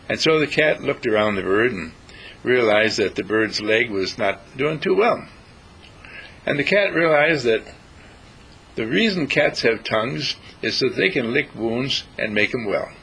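Raspy, gravelly man telling a story. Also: medium pitch, lively intonation, poor audio. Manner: gentle, halting, with restarts and fillers. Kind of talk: recited poem and spoken story.

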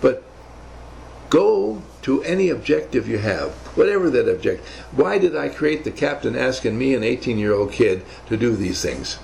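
A man's voice: medium pitch, big pitch swings, moderate pace, gravelly, darkish tone, slight background noise, rough recording. An older man telling rambling, emphatic stories from his navy days in a motivational talk. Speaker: speaker recounting navy service.

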